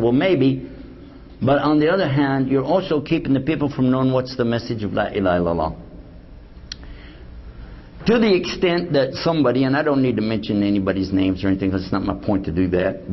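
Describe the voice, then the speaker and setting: An older man lectures a live audience in a loose, joking storyteller's manner and slips into the voices of the people in his stories. His pitch sits in the middle of the male range. The recording is dull and lo-fi, with a faint hiss underneath. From United States. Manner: joking, storytelling, acts out quoted dialogue. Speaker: Islamic lecturer.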